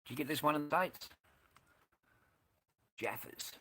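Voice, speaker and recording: A man's voice: on the high side, a little slow, bright, forceful tone, a little hiss or hum. An Australian man hosting a casual livestream, rambling and swearing bluntly as he answers his live chat. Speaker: livestream host.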